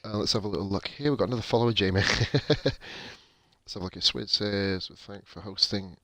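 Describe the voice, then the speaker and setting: A man's voice: on the low side, normal speed, fairly bright tone, slight background noise. A man streaming a racing game, chatting with viewers in profane, jokey banter. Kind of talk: casual live-stream commentary.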